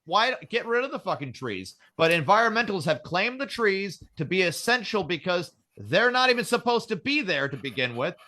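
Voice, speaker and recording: A man's voice: high voice, very animated, normal speed, few pauses, sharp tone. A man co-hosting a casual podcast, rambling and swearing as he rants and acts out mock quotes. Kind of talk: casual profane political banter.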